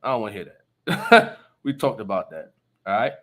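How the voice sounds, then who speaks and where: A man's voice: lowish voice, expressive, normal speed, a bit bright. A man hosting a casual live stream, talking emphatically and often asking listeners if they understand. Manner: laughs between remarks. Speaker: livestream host.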